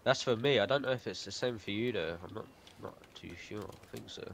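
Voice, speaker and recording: A man's voice: fairly low pitch, brisk, gravelly, fairly bright tone, a little hiss or hum. A man on voice chat as a teammate, giving short game callouts. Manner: terse callouts. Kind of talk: casual gaming chat.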